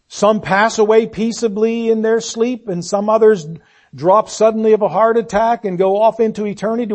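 A man with a high-sitting, somewhat dark voice preaches a sermon in an earnest, searching way. He asks rhetorical question after rhetorical question, letting his voice drop on the solemn phrases.

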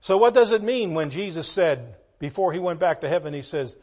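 A man preaching a sermon, reading scripture slowly and swinging between hushed asides and loud emphatic lines. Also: fairly high pitch, expressive. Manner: reads scripture in slow, measured tones.

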